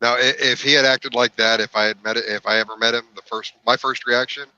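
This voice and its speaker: A man's voice: mid-range voice, fairly even intonation, fast, pushed and bright, clear, resonant tone, no room sound. A middle-aged man in casual chat, making dry and blunt remarks. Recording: dull lo-fi audio.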